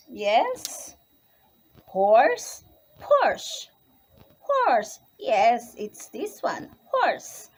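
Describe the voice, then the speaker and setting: A woman teaching young children, her voice pitched a little high and swooping up and down as she drags out each word very slowly. She quizzes the listener in an exaggerated, teacherly way, with a faint hiss behind her. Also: darkish tone. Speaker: English teacher. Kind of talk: slow, sing-song spelling lesson for young children.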